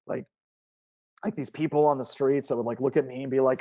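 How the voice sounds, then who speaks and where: Man, keynote speaker, animated storytelling, middle pitch, dull lo-fi sound. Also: a little fast. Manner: animated, jumps to high pitch for quoted voices. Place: conference stage.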